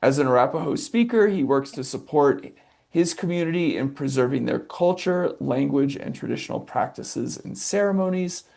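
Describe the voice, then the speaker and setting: A man hosting an event, reading a formal introduction in a measured, scripted way. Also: on the high side, expressive, vocal fry, darkish tone. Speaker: event host.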